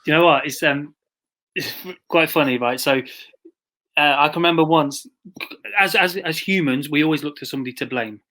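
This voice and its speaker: Bloke on a podcast, laughs at himself telling old stories. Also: male voice, on the high side, normal speed, long pauses, bright, forceful tone. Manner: anecdotal, self-mocking, quotes others. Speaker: podcast co-host. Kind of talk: casual conversation.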